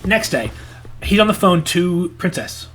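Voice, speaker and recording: A male podcast co-host chats casually about an anime, rambling through a plot recap full of "like" and acting out character lines in quick voices. His high voice is very animated and fairly bright, with slight background noise.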